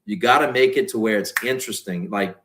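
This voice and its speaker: This man's voice runs low and quick against a noisy background. He's a forties-aged guest comedian and content creator from Louisiana with a Cajun accent, telling lively podcast stories and loudly acting out quotes.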